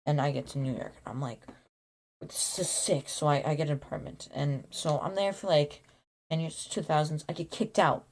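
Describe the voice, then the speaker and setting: A man telling an absurd made-up origin story in a rambling, deadpan way, full of restarts and acted-out quotes. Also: fairly high pitch, brisk. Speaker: YouTuber.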